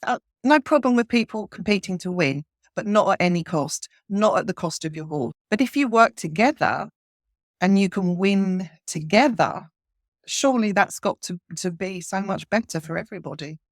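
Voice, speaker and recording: A woman's voice: medium pitch, expressive, normal speed, dry recording, studio quality. A woman being interviewed as a horse communicator, speaking earnestly with frequent restarts. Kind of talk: casual interview chat.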